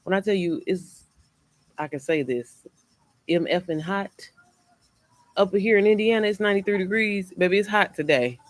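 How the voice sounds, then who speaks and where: A woman chatting on a livestream from her home, talking loosely and circling back to the same points. She jumps from one thought to the next in a relaxed way. The sound comes through a phone. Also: mid-range voice, normal speed, long pauses, no room sound. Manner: chatty, rambling, repeats herself. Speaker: online business creator hosting a livestream. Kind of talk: casual livestream chat. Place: at home, indoors.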